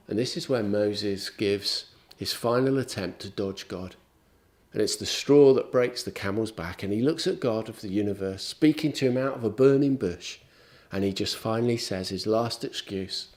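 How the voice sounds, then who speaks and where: A man's voice: lowish voice, moderate pace, darkish tone. A man preaching a sermon in a conversational, wry and emphatic way.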